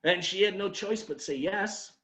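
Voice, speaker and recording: High-voiced man giving a sales training talk. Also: normal speed. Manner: animated storytelling, acting out the customers' lines; emphatic, repeats key advice.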